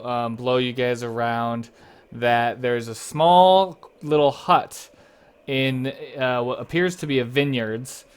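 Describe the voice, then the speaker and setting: A male game master describes scenes for his players in an unhurried, halting way. His voice is smooth and resonant, with plenty of small fillers. The delivery stays even and plain. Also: medium pitch. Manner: relaxed, halting narration with fillers. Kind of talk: narrating a tabletop game.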